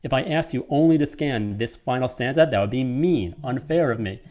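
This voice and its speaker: A man teaching a lesson on poetic meter. He reads verse lines slowly with each beat stressed, and often stops to correct himself. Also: medium pitch, animated, darkish tone. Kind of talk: online lecture on poetic meter.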